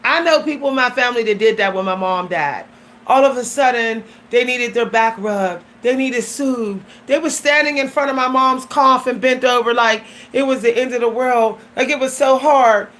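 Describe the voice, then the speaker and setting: A woman's voice: high-pitched, brisk, a bit bright. A woman vlogger giving a blunt, emphatic personal monologue that often turns preachy.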